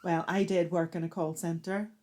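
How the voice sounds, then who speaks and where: A woman's voice: lowish voice, little pitch movement, normal speed, warm tone. Dry-humoured woman in her fifties. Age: 50s. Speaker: podcast co-host. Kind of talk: casual chat.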